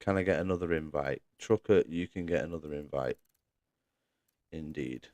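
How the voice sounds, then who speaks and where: A man's voice: very deep voice, normal speed, darkish tone, dry recording. A man commentating a sim racing league live stream, chatting casually, laughing often and reading out viewers' messages.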